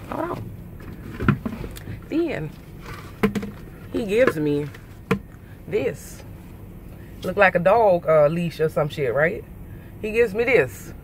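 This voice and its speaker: A woman truck driver telling a story in a casual vlog, acting out the people she met in an animated way, frank and joking. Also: lowish voice, slight background noise. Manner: animated, acts out conversations in her retelling; frank and joking, with mild swearing.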